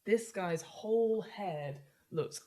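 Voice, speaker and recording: A woman's voice: mid-range voice, slow, warm tone. A woman narrating as game master, describing scenes in a chatty, loose way.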